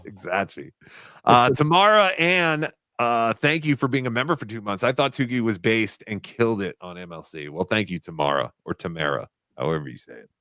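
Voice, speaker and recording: A man's voice: medium pitch, animated, fairly quick, sharp tone, dry recording, clean studio sound. A man hosting a casual livestream chat, loose and laughing, swearing freely. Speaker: livestream show host.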